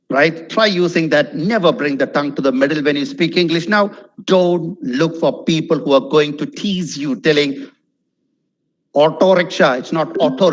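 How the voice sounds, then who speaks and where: Animated man drilling English pronunciation. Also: fairly high pitch, poor audio. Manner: animated, repeats words for drill, checks in with "okay?". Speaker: webinar speaker on spoken English. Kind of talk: online lecture. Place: webinar, video call.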